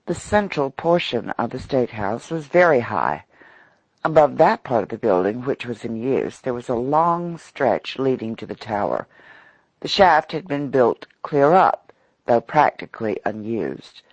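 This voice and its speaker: Slow, expressive male storyteller. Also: medium pitch, no room sound. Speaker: narrator. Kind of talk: audiobook narration.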